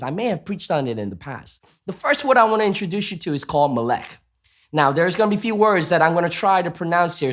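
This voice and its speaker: A man's voice: sits high, a bit bright. A man preaching a sermon as pastor, emphatic and asking the congregation rhetorical questions.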